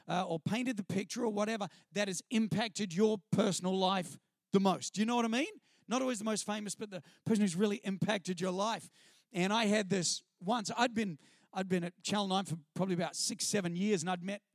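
A middle-aged New Zealand man, his voice fairly high for a man, shares his personal testimony as a guest speaker on a church stage before a live audience. He's animated, chatty and self-deprecating, often laughing. The sound is close and dry with little room echo.

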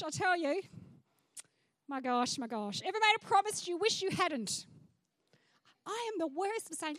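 A woman's voice: extremely high pitch, lively intonation, a little slow, long pauses, a bit bright, dry recording. An Australian woman pastor preaching on a church stage, chatty, with frank asides to the congregation. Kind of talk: sermon.

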